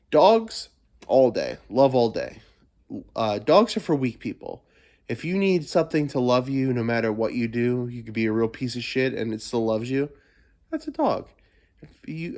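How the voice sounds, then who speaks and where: Male podcast host, lively swoops in pitch, profane rambling, slight cold. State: getting over a cold, coughing. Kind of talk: casual solo podcast monologue.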